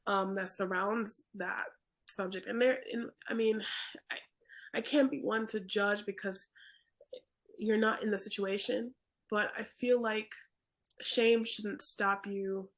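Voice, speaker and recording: A woman's voice: medium pitch, fairly even intonation, slow, fairly bright tone. A young adult woman hosting a podcast in casual interview chat, chatty and stumbling over her words with lots of fillers. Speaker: podcast host.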